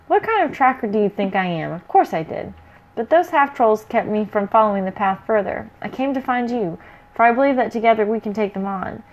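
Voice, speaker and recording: A woman's voice: a little high, expressive, fairly quick, muffled recording. A woman voicing a dry, confident male elf tracker who speaks matter-of-factly. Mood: curt. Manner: matter-of-fact, curt.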